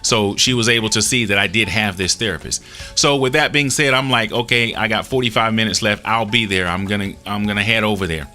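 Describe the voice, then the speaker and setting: A man with a low, bright, forceful voice recounts a personal story in a casual, earnest tone. He acts out both sides of each conversation and restarts his sentences now and then. Faint music plays behind him. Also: a little fast. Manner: earnest, retells dialogue with small restarts. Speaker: host telling a personal story.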